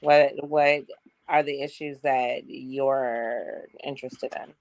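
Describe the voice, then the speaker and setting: A woman's voice: very deep voice, fairly even intonation, slow, a little mellow. A woman hosting a casual livestream chat over a video call, asking questions and talking bluntly with some swearing. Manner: blunt and salty, asks questions.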